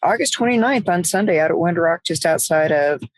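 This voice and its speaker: A woman's voice: fairly low pitch, animated, fairly quick, dry recording, poor audio. Southern lady cohost chatting on a podcast, friendly, restarts a lot, dry close sound. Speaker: podcast co-host. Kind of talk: casual podcast chat.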